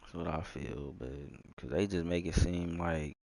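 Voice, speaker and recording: A young man with a low, gravelly voice rants in a loose, filler-packed way. He swears freely and trails off often. The sound is close and dry, with no room around it. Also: steady tone, moderate pace, darkish tone, no room sound. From Texas. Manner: loose, filler-heavy talk with lots of swearing and sighs. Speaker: gamer streamer. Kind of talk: casual rambling rant.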